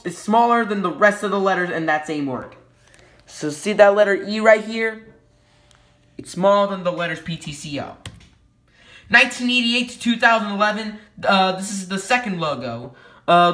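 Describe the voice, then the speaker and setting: A man with a bright, animated voice that swings widely in pitch, running a casual logo history commentary. He jokes around and corrects himself with quick apologies. The sound is roomy, with a clear echo around him. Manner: playful and jokey, self-correcting with quick apologies. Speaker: YouTube logo history host.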